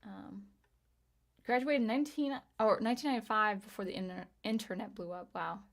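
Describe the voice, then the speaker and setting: A woman in her thirties chatting casually on a livestream as she reads viewer comments, talking in a halting way with frequent restarts. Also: medium pitch, gravelly. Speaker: livestream host, music teacher and composer.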